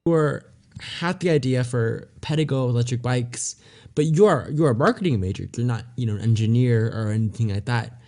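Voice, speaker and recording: A young man hosts an interview podcast in a relaxed way. He asks curious follow-ups and reacts to his guest's answers. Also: mid-range voice, moderate pace. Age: young adult. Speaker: podcast host. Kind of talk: interview questions.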